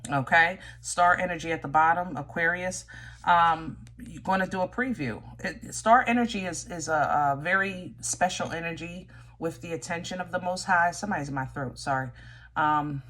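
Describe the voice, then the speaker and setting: A woman's voice: fairly low pitch, moderate pace, a bit bright. A woman giving a casual tarot reading, talking straight to her viewers in a chatty way, often stopping and restarting. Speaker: tarot reader.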